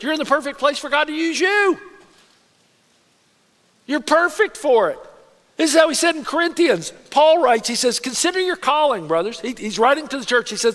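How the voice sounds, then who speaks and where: A man preaching a sermon in a church in a lively, conversational way, now and then putting on voices. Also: extremely high pitch. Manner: animated, conversational preaching with quick put-on voices. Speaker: pastor. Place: church auditorium. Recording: long reverb of a large church hall.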